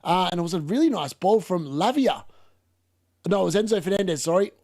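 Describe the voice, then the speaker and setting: A man hosting a live football watchalong, chatting casually and reacting excitedly to the game. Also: high voice, fairly quick. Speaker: watchalong host.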